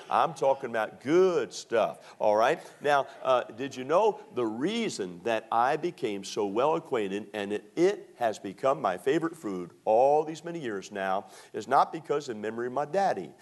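Middle-aged Maryland preacher, average-pitched man, unhurried storytelling sermon with drawn-out emphasis. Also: big pitch swings. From Maryland, USA.

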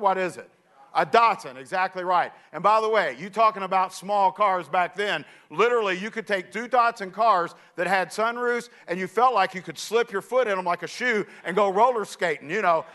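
A man's voice: high voice, bright, forceful tone. A man preaching, telling a folksy story with asides to the audience. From Kentucky. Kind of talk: storytelling sermon.

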